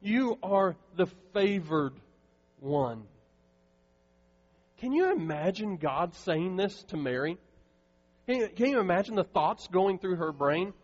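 A man's voice: sits high, expressive, slow, long pauses, in a large hall, lo-fi sound. A man preaching a sermon as pastor, earnest and emphatic, often restarting his sentences. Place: church sanctuary.

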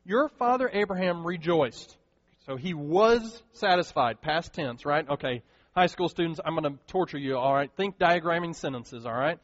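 A preacher with a high, ringing voice who delivers his sermon with animation, slipping into the voices of the people he quotes. His voice carries a long hall reverb, and the recording sounds a little dull. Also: animated, normal speed. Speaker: pastor.

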